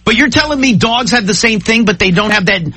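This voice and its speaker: Husky bright-voiced male radio host. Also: high voice, lively intonation, fast, dry recording. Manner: joking, skeptical, laughs often. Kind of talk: morning radio call-in chat.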